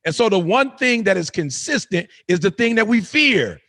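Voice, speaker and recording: Gravelly, high-pitched man preaching with fervor. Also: sing-song, moderate pace, sharp tone. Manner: preaching cadence, repeats phrases for emphasis. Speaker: motivational speaker. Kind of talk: impassioned motivational talk.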